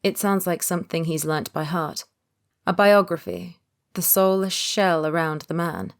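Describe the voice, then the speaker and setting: A woman narrating a romance audiobook in the first person, in a calm, measured read. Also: fairly low pitch.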